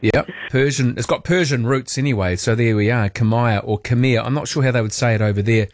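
Playful talkback radio host, dry studio sound. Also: male voice, medium pitch, a little fast, no room sound. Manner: playful, jokey, chatty. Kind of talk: casual chat with callers. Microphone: studio microphone.

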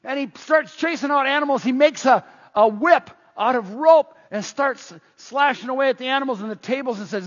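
Husky high-voiced guy preaching, lots of rhetorical questions, muffled echoey hall. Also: normal speed. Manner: animated, rhetorical questions, acts out quotes. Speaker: pastor. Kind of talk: sermon. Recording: echoey hall, dull lo-fi sound.

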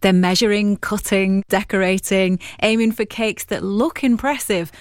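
A woman radio presenter narrating a history documentary in a crisp, lightly playful scripted style. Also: mid-range voice, moderate pace, no echo, clean studio sound. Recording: soft music beneath.

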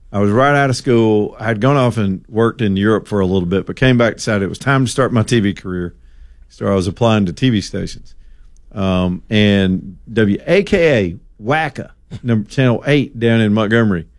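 A male radio host from Alabama, telling stories in an animated, ad-libbing talk radio manner and reading a sponsor plug. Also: fairly low pitch, no echo, studio quality. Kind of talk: talk radio chat and storytelling.

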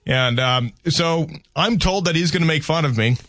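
Male radio host, somewhat high voice, dry booth mic, self-deprecating, halting delivery. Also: fairly bright tone, no echo. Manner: rambling, stammering, self-mocking. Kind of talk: casual morning radio chat. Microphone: studio microphone.

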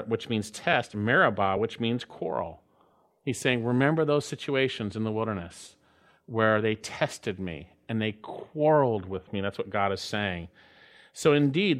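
A man preaching a sermon as a pastor, earnest, slowing down to read scripture and rising for emphasis. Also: medium pitch, a bit bright.

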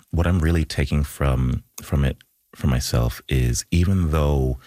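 Very deep husky-voiced man. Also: dark tone, dry recording, clean studio sound. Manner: thoughtful, restarts, quotes lines with feeling. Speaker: actor, guest. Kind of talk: studio interview. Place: radio studio.

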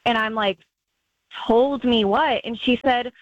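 Calling a radio program, a woman recounts her story in a chatty style, sprinkling in "like" and performing what people said. She speaks slowly at a fairly high pitch with no room sound, over a dull, lo-fi phone line.

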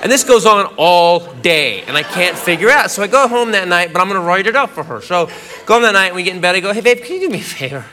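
A man's voice: high-pitched, fast talker. A man performing a stand-up comedy routine, telling a story with voiced quotes. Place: comedy club stage with audience. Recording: loud crowd laughter and noise.

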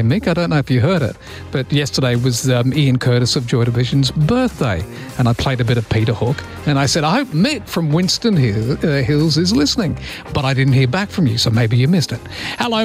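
An Australian man hosting early-morning radio, chatting with a self-mocking humour and reading out listener texts and news headlines. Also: mid-range voice. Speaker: radio host.

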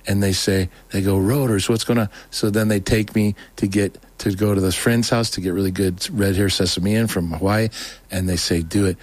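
A man's voice: low voice, normal speed, dry recording. Guy rambling thru his story, acts out what ppl said, dry close sound. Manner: rambling, animated storytelling, acts out quoted voices. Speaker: guest. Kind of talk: casual testimony.

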